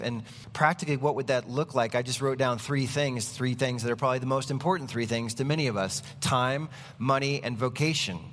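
A man's voice: mid-range voice, a bit bright, big-room sound. A man preaching a sermon as pastor, in a conversational, emphatic way. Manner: conversational, emphatic preaching with object-lesson props.

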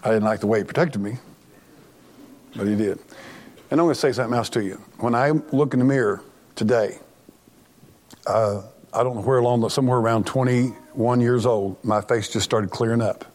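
A man's voice: medium pitch, normal speed, pauses often, a little mellow. A middle-aged man preaching a sermon as pastor, earnest and plainspoken, often restarting his sentences.

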